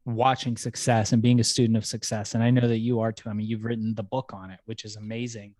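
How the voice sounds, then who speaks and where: A male podcast host in casual, upbeat chat, telling lively stories and reading a sponsor message. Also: lowish voice, quick pace, dry recording, studio quality. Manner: upbeat, laughing, animated storyteller.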